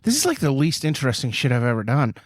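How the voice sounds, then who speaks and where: A man chatting casually on a comedy podcast, loose and rambling and quick to laugh. His voice sits at a mid pitch, recorded close and dry. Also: wildly swooping pitch, dry recording. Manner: easygoing, rambling, laughs often. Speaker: podcast co-host. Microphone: studio microphone.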